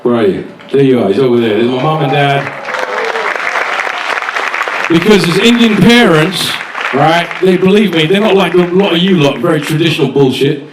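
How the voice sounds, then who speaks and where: A man's voice: fairly high pitch, moderate pace, crowd noise. A man doing a stand-up set, chatty and swearing as he acts out little scenes. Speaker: stand-up comedian. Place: comedy club stage with live audience. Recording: echoey venue, distant mic, faint noise.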